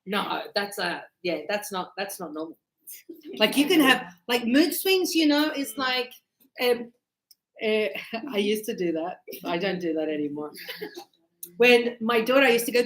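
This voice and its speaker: A woman's voice: a little high, very animated, normal speed, a bit bright, roomy sound. A middle-aged woman teaching a grammar lesson to a class, acting out little scenes with voices as examples. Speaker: English teacher.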